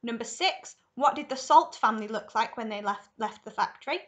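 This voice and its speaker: Lively woman teacher reading aloud. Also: fairly high pitch, a little fast. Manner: lively and expressive. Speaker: primary school teacher.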